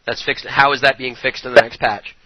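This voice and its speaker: A man's voice: mid-range voice, flat delivery, fairly quick, bright, forceful tone, dry recording, low-quality recording. A man hosting an interview, asking long rambling questions with fillers. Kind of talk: casual interview.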